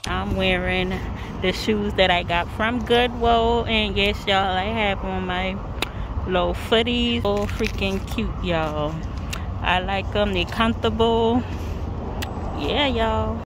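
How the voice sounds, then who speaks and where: A woman's voice: mid-range voice, slow pace, background noise. A woman in her thirties vlogging at home in a casual, chatty way, addressing her viewers again and again. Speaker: lifestyle vlogger and mom. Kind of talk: casual vlog chat.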